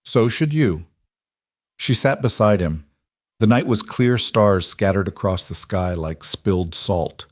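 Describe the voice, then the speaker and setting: Low-voiced male story narrator, dry. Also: measured pace, no echo. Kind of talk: scripted narration.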